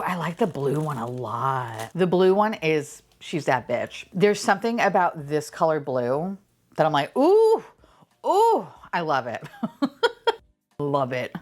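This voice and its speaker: Woman, unboxing vlogger, excitable, swears a lot, squealing laughs, very lively pitch. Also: gravelly. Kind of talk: excited casual unboxing chat.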